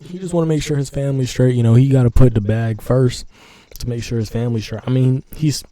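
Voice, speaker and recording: A man's voice: medium pitch, steady tone, quick pace, dark tone, no echo. A young man in casual reaction commentary, talking loosely in slang and often trailing off and restarting his sentences. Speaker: reaction streamer.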